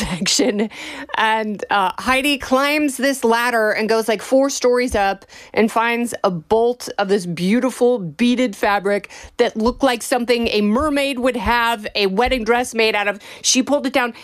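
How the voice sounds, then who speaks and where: A woman telling a personal story in a casual, animated way, with frequent fillers and laughs. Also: on the high side, normal speed.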